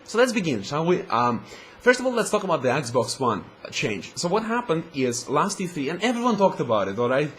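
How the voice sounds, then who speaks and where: A man with a fairly high voice rants into the camera about gaming news. He swears often and loads every point with sarcasm. He rambles and circles back in a casual vlog style. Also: sing-song, brisk, a bit bright, a little hiss or hum. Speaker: gaming video host. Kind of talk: ranting vlog commentary.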